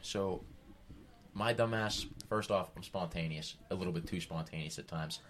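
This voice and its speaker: A man with a Pittsburgh accent telling an excitable, profane story in a casual podcast chat. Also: low voice, normal speed, slight background noise. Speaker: podcast co-host.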